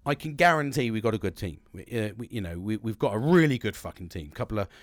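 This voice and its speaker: A man's voice: fairly low pitch, expressive, quick pace, dry recording. A middle-aged man, ranting in a sweary, rambling monologue with bursts of laughter. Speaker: podcast host.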